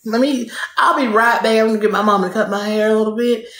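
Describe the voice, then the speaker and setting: A woman's voice: a little high, fairly even intonation, fast talker, fairly bright tone. A woman chatting casually and playfully on a livestream, joking and cursing at her viewers. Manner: playful, profane, talks straight to the chat. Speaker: livestream host. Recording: echoey room, faint noise.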